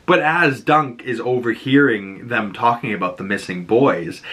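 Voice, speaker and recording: A man hosting a podcast, recapping a TV episode in a casual, animated way with asides. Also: on the low side. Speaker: podcast host.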